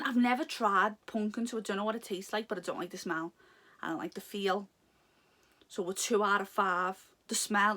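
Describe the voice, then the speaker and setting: A woman's voice: medium pitch, fairly bright tone. A young woman chatting casually through an unboxing, giggly and gushing, rambling off topic. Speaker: vlogger unboxing a subscription box. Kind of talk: casual chat.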